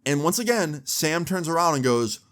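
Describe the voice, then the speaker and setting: A man's voice: fairly high pitch, lively intonation, moderate pace, fairly bright tone, smooth. A young man telling a long story to camera in a casual, swearing, filler-heavy way. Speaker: storytime vlogger.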